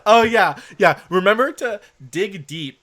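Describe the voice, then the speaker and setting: A young man from Southeast Alaska co-hosts a chatty podcast. His pitch swings freely and he keeps teasing the audience with playful mock insults, laughing as he goes. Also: animated, a little slow, fairly bright tone. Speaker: podcast co-host. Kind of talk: casual chat.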